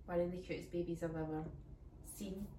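A woman's voice: lowish voice, fairly even intonation, a little fast, mellow, far from the mic, slight background noise. A Scottish woman co-hosting a comedy podcast, chatting casually and reacting with blunt, short quips. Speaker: podcast co-host. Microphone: phone. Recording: echoey room, phone mic.

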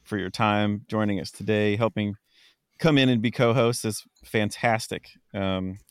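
A man's voice: fairly low pitch, steady tone, unhurried, clean tone, no echo, clean studio sound. A man co-hosting a podcast, chatting casually with frequent ums and restarts. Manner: rambling, lots of ums and fillers. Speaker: podcast co-host.

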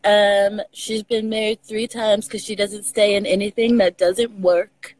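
A woman's voice: medium pitch, unhurried, dry recording. A woman from Texas with a Southern accent, a guest telling stories with lots of laughter in a casual chat over a video call. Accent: Southern US, Texan. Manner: laughing, animated storytelling.

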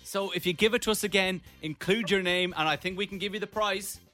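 Man, radio host, bright and forceful tone, slightly high voice, jokey teasing banter. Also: steady tone, fairly quick, soft background music.

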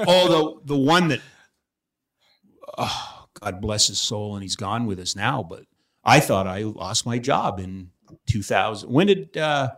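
A middle-aged man hosting a podcast in a studio, telling animated stories and laughing often. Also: on the low side, measured pace. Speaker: podcast host. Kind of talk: casual studio chat.

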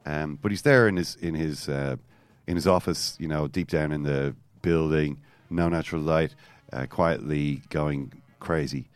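Man, very low voice, dry studio sound, animated storyteller, podcast host. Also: measured pace, clear, resonant tone, no echo. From Ireland. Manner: animated storytelling, reading quotes aloud. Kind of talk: casual football chat.

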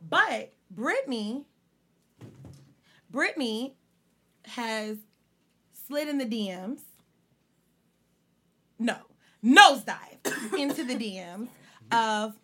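Animated woman telling stories, bright voice. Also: a little high. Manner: animated, laughing, swearing freely. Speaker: podcast co-host. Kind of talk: casual storytelling chat.

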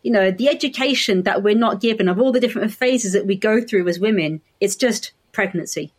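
A woman's voice: medium pitch, brisk. Chatty perimenopausal woman optometrist. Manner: chatty, laughs while telling stories. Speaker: optometrist guest. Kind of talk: podcast conversation.

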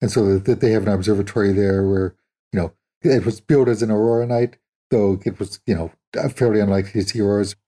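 A man from England recounting a trip in a relaxed, matter-of-fact way. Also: lowish voice, fast. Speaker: interview guest. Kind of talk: casual storytelling.

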